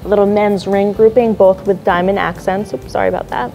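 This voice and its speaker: A woman leads a preview of upcoming auction lots. She talks through each piece in a mellow, unhurried voice, with the odd filler and apology. Soft music plays faintly behind her. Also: medium pitch, vocal fry, low-quality recording. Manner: describes items one by one, admiring, with small apologies and fillers. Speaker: auction house jewelry specialist.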